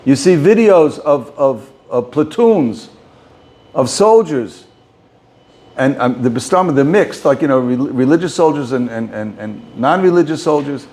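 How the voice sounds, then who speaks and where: A man's voice: medium pitch, expressive, unhurried, darkish tone. A man, a rabbi, giving an informal talk to a small group, often repeating and restarting words.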